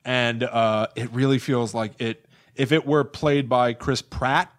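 A man's voice: medium pitch, steady tone, a little slow. A young man hosting a podcast in casual chat, rambling and joking with many "uh" fillers. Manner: rambling and jokey, with frequent "uh" fillers. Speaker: podcast host.

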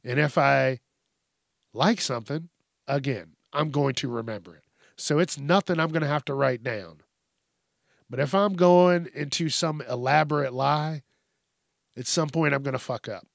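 A man's voice: on the high side, moderate pace, gravelly, long pauses, no echo, studio quality. A man hosting his own podcast, ranting in a blunt, profane, rambling way. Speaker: podcast host. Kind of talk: casual monologue.

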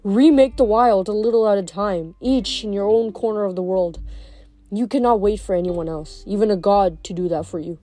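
A woman voicing an ancient, fading male nature god, speaking softly and sorrowfully. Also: medium pitch, natural voice. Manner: soft, slow, sorrowful delivery.

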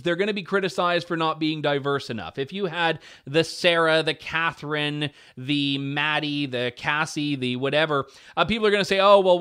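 A man's voice: a little high, pushed and bright, clear, resonant tone. A young man hosting a talk radio show, delivering opinion commentary with wry, sarcastic asides and chuckles.

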